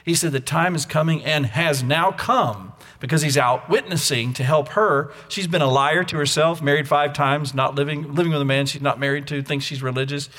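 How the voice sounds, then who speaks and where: A man with a slightly high voice preaches a sermon from the pulpit. He drives his points hard, then drops to a near-whisper. The sound carries a long reverb from a church sanctuary. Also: moderate pace, hardly any pauses. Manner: swings from loud emphatic to hushed near-whisper. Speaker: pastor.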